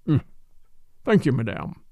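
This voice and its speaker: A man's voice: fairly high pitch, wildly swooping pitch, normal speed, a little mellow, no room sound. A man reading an audiobook voices a pompous, self-important French police commissary who speaks formally.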